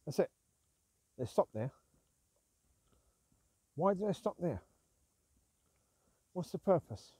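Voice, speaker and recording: A man's voice: a little high, very animated, slow, long pauses, mellow, breathy edge, no room sound. A man talks casually about ministers and sin while out walking his dogs, rambling and breaking off to call to them. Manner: rambling, calls out to his dogs between points. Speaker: Christian talk vlogger. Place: outdoors on a walk.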